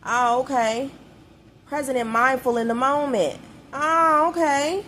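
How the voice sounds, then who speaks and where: A mother talking casually and emphatically to her viewers about her spiritual journey, in slangy speech that swings from loud to hushed. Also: sits high, steady tone, unhurried, a little hiss or hum. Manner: slangy, talks straight to viewers. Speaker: mother and motivational vlogger. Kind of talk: casual spiritual vlog talk.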